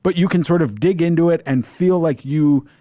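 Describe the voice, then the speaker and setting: A man's voice: fairly high pitch, normal speed, mellow, no room sound, studio quality. A man co-hosting a podcast panel in casual chat. He rambles and hedges with many fillers. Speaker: podcast co-host.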